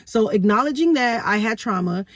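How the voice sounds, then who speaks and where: A woman's voice: a little high, animated, moderate pace, no echo. Earnest woman vlogger in her thirties, candid story told straight to camera, dry close sound. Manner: earnest, rhetorical questions, frequent "right?". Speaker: vlogger sharing parenting experience.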